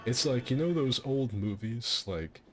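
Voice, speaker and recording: A man's voice: medium pitch, lively intonation, unhurried, faint music behind. A man streaming a game fight night, telling a long rambling story that breaks off and keeps laughing at itself. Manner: rambling, self-interrupting, laughing at his own jokes. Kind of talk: casual storytelling over gameplay.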